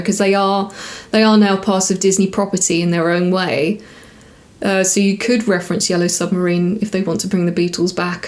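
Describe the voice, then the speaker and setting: A woman in a relaxed vlog review, speaking at a middle pitch. She rambles and corrects herself as she goes, with plenty of small fillers. It comes across as easy, unscripted chat straight to the viewer. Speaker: TV episode reviewer. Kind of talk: casual review to camera.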